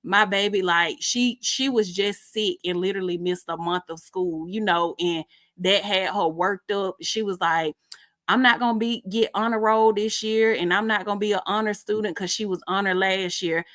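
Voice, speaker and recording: A woman's voice: medium pitch, steady tone, moderate pace, a bit bright, dry recording. Middle-aged woman on a live, chatty and laughy, dry close sound. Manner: chatty, laughs often, informal slang. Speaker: live stream host. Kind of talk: casual live chat, reading comments.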